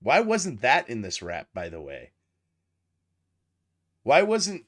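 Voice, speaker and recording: Male reaction host, profane and indignant, pitch swinging wide. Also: big pitch swings, unhurried, a bit bright. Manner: indignant, heavy swearing. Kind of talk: casual profane commentary rant.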